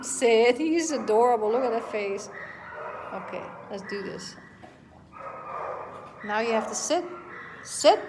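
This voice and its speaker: A woman in casual chat, giving a dog short commands and cooing sweet baby talk at it. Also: fairly high pitch. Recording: noisy room recording.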